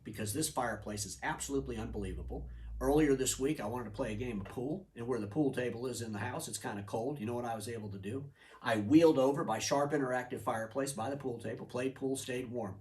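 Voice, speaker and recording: A man hosting his own show, talking by a fireplace indoors and telling an animated story, acting out characters in quick voices. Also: medium pitch, far from the mic. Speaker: show host. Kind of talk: fireside video commentary.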